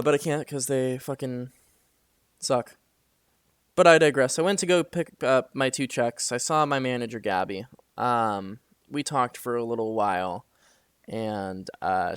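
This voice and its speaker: Rambling young man, smooth dry voice. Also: medium pitch, no room sound. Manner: rambling, frequent fillers, swears when venting. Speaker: vlogger. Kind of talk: casual late-night storytelling to camera. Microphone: camera.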